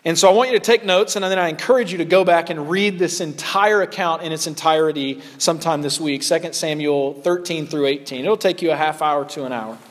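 A pastor delivers a sermon in an earnest, deliberate manner, drawing out his key phrases for weight. His voice is somewhat high for a man, and the long reverb of a large hall, like a church sanctuary, surrounds it.

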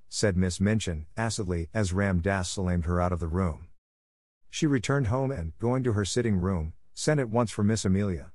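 A man narrating a classic story aloud in a steady, measured reading voice, recorded close. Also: low-pitched, no echo. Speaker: audiobook reader.

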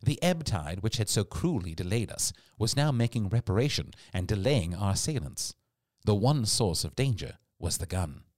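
A man narrating a classic adventure story in an expressive storytelling read. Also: on the low side, moderate pace, no room sound, studio quality. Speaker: audiobook narrator. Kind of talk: scripted narration.

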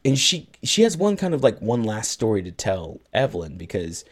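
Low-voiced man recapping a movie. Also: very animated, normal speed. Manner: retells a film plot at length, acting out lines of dialogue. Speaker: podcast co-host. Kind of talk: casual movie recap chat.

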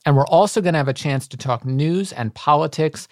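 A man's voice: fairly high pitch, fairly quick, no echo, clean studio sound. A man co-hosting a podcast, joking and self-mocking as he reads the intros. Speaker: podcast co-host. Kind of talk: casual podcast banter.

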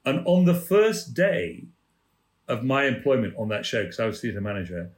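A man's voice: mid-range voice, very animated, moderate pace. Older man telling theatre stories. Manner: leisurely, amused, acts out the people in his stories. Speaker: guest, theatre producer. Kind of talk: anecdotal storytelling.

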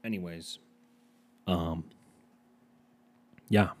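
Male podcast host, lowish mellow voice, rambling, profane and sarcastic, casual solo chat. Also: fairly even intonation, very slow.

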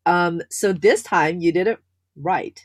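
A man's voice: high-pitched, slow pace, no room sound. Dry-sounding male podcast host. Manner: hesitant, rambling questions. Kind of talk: interview questions.

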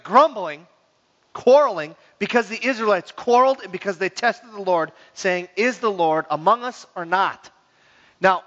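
A man preaching a sermon as pastor, joking and acting out the people's grumbling. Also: high-pitched. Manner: lively, joking, acts out grumbling voices. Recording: dull sound in a reverberant hall.

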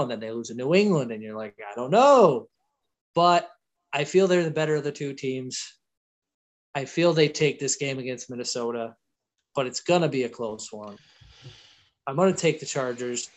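A man's voice: mid-range voice, moderate pace. A man co-hosting a live football show, talking casually with many hesitant restarts. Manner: hesitant, lots of restarts, wry. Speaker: podcast co-host. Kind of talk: casual sports prediction chat.

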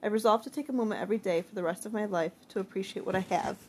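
Breathy woman reading a diary-style novel. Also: medium pitch, racing, a little mellow. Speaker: audiobook narrator. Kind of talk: first-person diary-style audiobook narration.

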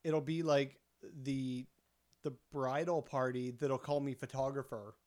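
A woman's voice: extremely low pitch, fairly even intonation, measured pace, darkish tone. Woman co-host with short blunt reactions. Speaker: podcast co-host, wedding photographer. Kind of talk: casual chat.

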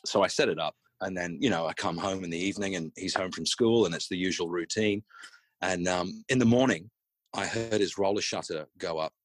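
A husky, fairly low-pitched Australian man in middle age spins a comic story. He stumbles and repeats words as he goes, and the sound is dry and close. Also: no echo. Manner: halting, repeats and restarts words. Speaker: guest storyteller. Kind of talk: comic anecdote.

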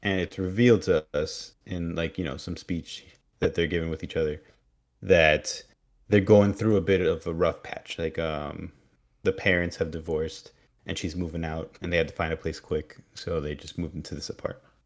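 A man with a very deep voice co-hosts a casual podcast recap. He tells the story in a joking, animated way and drops into quoted lines from the characters. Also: moderate pace. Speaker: podcast co-host.

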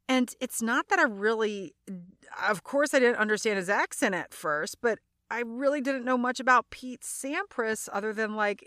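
A woman's voice: mid-range voice, sharp tone, no echo, clean studio sound. A woman in her forties hosting a solo podcast, telling stories in a chatty, rambling way with self-deprecating asides. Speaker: podcast host. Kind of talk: casual solo storytelling.

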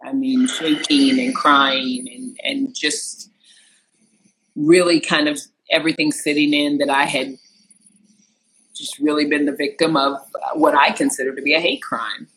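Entertainment interviewer from rural Missouri, animated storyteller, bright and forceful delivery. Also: unhurried, a little hiss or hum, poor audio. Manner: animated, acts out quotes with sharp jumps in pitch. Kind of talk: personal storytelling.

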